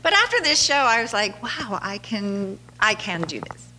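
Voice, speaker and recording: A woman's voice: mid-range voice, big pitch swings, moderate pace, bright, forceful tone, slight background noise. A woman hosting a podcast, telling casual stories in a chatty way, laughing often and acting out quotes. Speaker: podcast host. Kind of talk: casual storytelling monologue.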